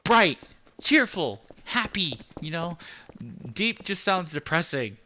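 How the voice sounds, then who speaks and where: High, bright-voiced young man rambling. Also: sing-song, a little hiss or hum. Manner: keeps his voice deliberately high; rambling, many "like" fillers. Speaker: game channel host. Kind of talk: casual gameplay commentary.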